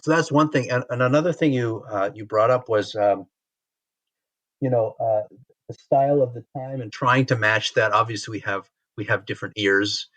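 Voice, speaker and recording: A man co-hosting a casual podcast interview, talking in a hesitant way with many pauses and fillers. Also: mid-range voice, fairly bright tone, rough recording. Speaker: podcast co-host.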